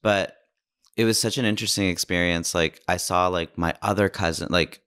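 A man's voice: sits low, fairly even intonation, normal speed, fairly bright tone, smooth, no room sound, clean studio sound. A young adult man in casual podcast chat, rambling through a story with lots of filler words.

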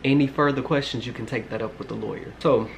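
A man's voice: medium pitch, steady tone, fast talker, creaky, a little hiss or hum, poor audio. Chatty young man rambling through a story. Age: 20s. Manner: chatty and rambling, heavy on fillers and swearing. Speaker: storytime vlogger. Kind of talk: casual storytelling to camera.

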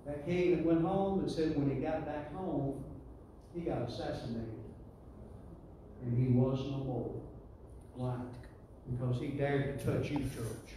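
A man preaching a sermon, building to loud call-and-response with the congregation. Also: mid-range voice, steady tone, measured pace, pauses often, noisy background. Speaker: pastor. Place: church sanctuary. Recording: echoey church hall, distant mic.

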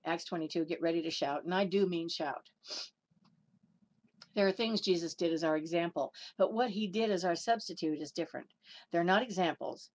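A woman's voice: on the low side, a little mellow. Emphatic woman preaching a sermon. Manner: emphatic, questioning the listeners, acting out quotes.

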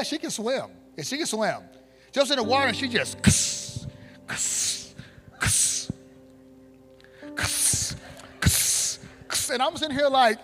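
A male pastor preaching a sermon, animated in his storytelling and swinging from hushed to loud. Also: high voice.

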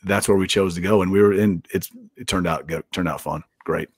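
A man's voice: low voice, fairly even intonation, a little fast, breathy edge, no room sound, clean studio sound. A man telling stories as an interview guest in a rambling, profane way, acting out what people said to him. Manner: profane, rambling, acts out quoted dialogue. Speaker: guest wrestler. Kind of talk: casual storytelling interview.

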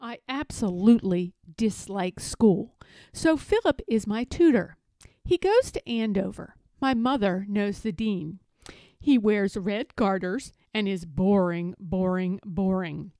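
A woman's voice: medium pitch, unhurried, no echo. Playful woman reading a storybook aloud. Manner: playful, expressive, emphatic. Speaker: read-aloud narrator. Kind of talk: reading a children's picture book aloud.

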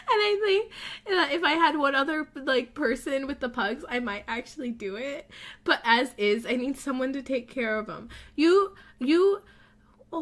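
A young woman giving casual gameplay commentary as a let's play host, gushing and excitable, often gasping. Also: high-pitched.

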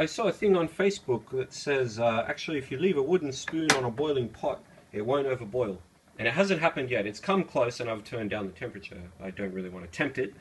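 This young Australian man chats easily while he cooks in a small kitchen for his vlog, wandering off topic with slang and filler words. His pitch is medium, and there's a faint hiss or hum.

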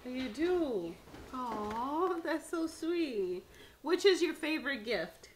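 A young mother hosting a family vlog, gently coaxing her toddler with sweet questions at home. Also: sits high, expressive, slow pace, roomy sound, a little hiss or hum. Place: family home at a birthday party.

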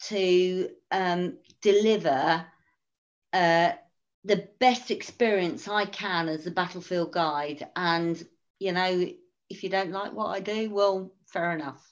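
A woman battlefield guide speaks very slowly and frankly on a panel, pausing and hesitating as she goes. She is heard over a video call, and the sound is somewhat dull. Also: fairly low pitch. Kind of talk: panel discussion.

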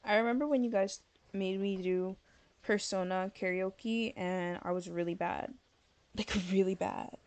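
A woman's voice: mid-range voice, steady tone, measured pace, a little mellow. Chatty, tired woman streaming a game. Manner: chatty and rambling, many fillers of "like"; tired, yawning late at night. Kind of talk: casual chat while gaming live.

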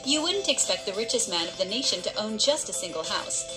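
A woman's voice: medium pitch, lively intonation, a little fast, poor audio. A woman reading a scripted countdown narration in a teasing, rhetorical manner, played from a video. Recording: played clip with loud music bed.

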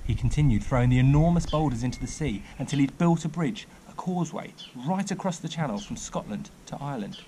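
A man's voice: mid-range voice, lively intonation, brisk, hardly any pauses, dark tone, slight background noise, poor audio. A man reading a picture-book story aloud as a storyteller, with chatty explaining asides.

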